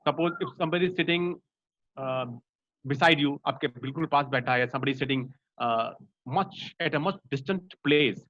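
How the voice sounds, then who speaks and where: A man's voice: fairly high pitch, very fast, fairly bright tone, no room sound. Indian man teaching on a muffled call. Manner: explanatory, frequent "right?" and "uh" fillers, mixes in Hindi. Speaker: voice and speech trainer. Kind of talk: online class lecture.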